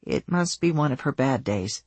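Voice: medium pitch, lively intonation, moderate pace, a little mellow, husky, no room sound. An audiobook narrator reading a suspense novel in scripted narration.

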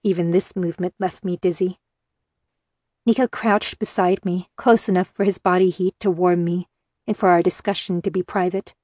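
A woman narrating a first-person novel in a measured, earnest way. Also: lowish voice, fairly even intonation, mellow, no echo, studio quality. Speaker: audiobook narrator.

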